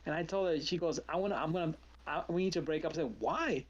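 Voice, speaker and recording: Animated man telling stories on a stream. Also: fairly high pitch, quick pace, muffled recording. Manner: animated storyteller, acts out quotes. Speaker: trading stream host. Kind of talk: casual chat on a live stream.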